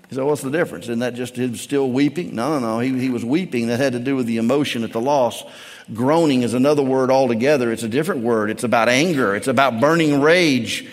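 A male pastor preaching a sermon, swinging from quiet, low reflection up to shouted climaxes. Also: a little fast, big-room sound. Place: church sanctuary.

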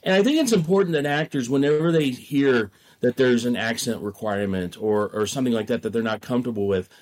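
Man, theater director, measured, thoughtful, hedging. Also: medium pitch, a little mellow. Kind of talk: interview.

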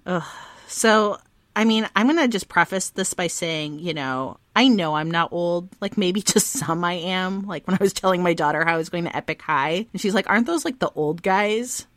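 A woman's voice: fairly low pitch, normal speed, a bit bright, no echo. A woman co-hosting a podcast, a mother with a wry, self-deprecating and reflective way of talking. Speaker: podcast co-host. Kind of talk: casual podcast chat.

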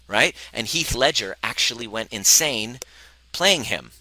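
Sharp-voiced, profane male coach. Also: mid-range voice, measured pace, no echo, poor audio. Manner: animated and profane, acting out quoted voices; speaks directly to the audience. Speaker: relationship coach. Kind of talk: live workshop teaching.

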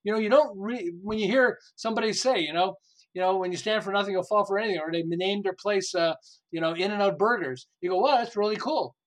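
Older male author guest, high-pitched, animated storyteller, chuckles through anecdotes. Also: quick pace, rough recording. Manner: animated, laughs often, acts out quotes. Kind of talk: enthusiastic storytelling interview.

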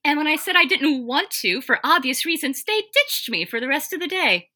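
A woman's voice: high voice, big pitch swings, brisk, a crowd in the background. A woman, candidly telling a wry story in a casual podcast chat. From US South.

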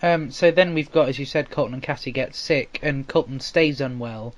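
A man interviewing an author, asking conversational questions in a hesitant way, often pausing and losing his thread. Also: mid-range voice, highs cut off. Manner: hesitant, many fillers, loses his thread.

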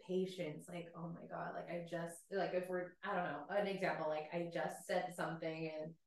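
A woman's voice: on the low side, little pitch movement, moderate pace, recorded from a distance. A woman in her thirties with a Californian accent, chatting candidly as a podcast guest about raising her kids, often laughing. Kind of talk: casual chat. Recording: echoey room, off-mic.

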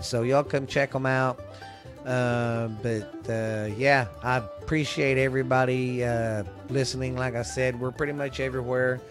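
A man with a Southern US accent, rambling excitedly through a casual podcast sign-off, with hiccups. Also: mid-range voice. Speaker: podcast host.

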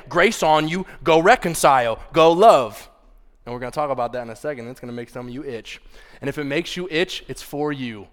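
A man preaching a sermon as pastor, passionate and conversational, with casual asides to the congregation. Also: sits high. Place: church sanctuary. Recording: long reverb of a large hall.

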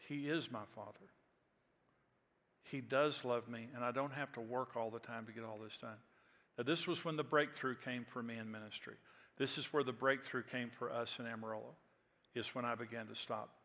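A man's voice: medium pitch, fairly even intonation, moderate pace, sharp tone, big-room sound. A man in his sixties preaching a sermon, telling stories in a conversational way that rises to emphatic peaks. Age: 60s. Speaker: pastor. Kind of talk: sermon with storytelling.

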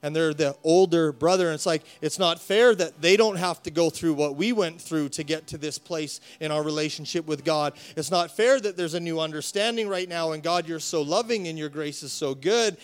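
A man's voice: fairly high pitch, normal speed, hardly any pauses, clean tone. A male pastor preaching a sermon with rising passion, repeating words as he builds his point. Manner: impassioned, rising to emphatic preaching.

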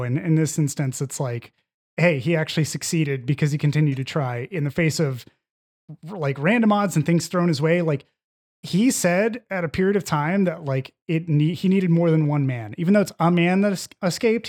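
A man's voice: a little high, a little mellow. A man talking through a film in a casual podcast discussion, rambling with many fillers and restarts. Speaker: podcast co-host.

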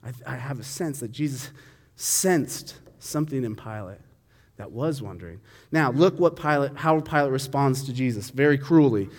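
A man's voice: fairly high pitch, expressive, brisk, big-room sound. A man preaching a sermon, reading scripture and explaining it in a conversational way, acting out the dialogue. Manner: conversational, acts out dialogue with voices.

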